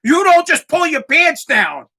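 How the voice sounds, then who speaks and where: A man's voice: extremely high pitch, big pitch swings, unhurried, vocal fry, pitched above the performer's own voice, heavily acted. A man doing his brash drunk mom. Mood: exasperated scolding. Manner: loud, exasperated, profane. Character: brash drunk foul-mouthed mother scolding her son.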